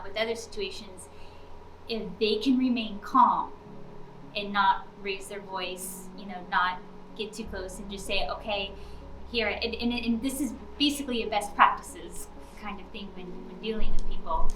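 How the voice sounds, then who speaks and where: A woman explains earnestly and at length, her voice at a middle pitch. She is recorded from a distance in an echoey room. Clear background noise sits under her voice. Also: fairly bright tone. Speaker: autistic panel participant. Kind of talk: candid group discussion.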